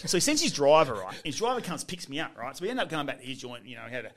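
A man's voice: mid-range voice, quick pace, few pauses. A middle-aged Australian man telling stories in a casual chat, acting out what others said and laughing often. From Western Australia. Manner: animated storyteller, acts out quotes, laughs often. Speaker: podcast guest, former footballer.

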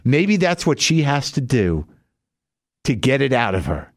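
A man's voice: mid-range voice, measured pace, no room sound, clean studio sound. Ranting comic podcast host, man. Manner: ranting, animated storyteller; profane. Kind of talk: comic monologue.

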